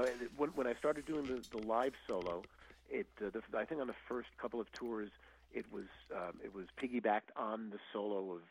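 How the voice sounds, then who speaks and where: A man's voice: on the low side, vocal fry, breathy edge, no room sound. An older man, a guest musician, telling stories in a casual interview, acting out quoted lines with many restarts. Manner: animated storyteller, acts out quotes, frequent restarts. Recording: dull lo-fi audio.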